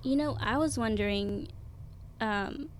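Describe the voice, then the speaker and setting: A woman's voice: fairly high pitch, unhurried, a little hiss or hum. A woman guest on a podcast, chatting casually and enthusiastically. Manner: enthusiastic, animated. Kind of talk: casual chat.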